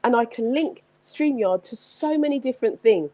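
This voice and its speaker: Woman, motivational live stream, high lively voice, exclamatory, repetitive. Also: normal speed. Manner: energetic, exclamatory, preachy, repeats phrases. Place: home setup with several screens.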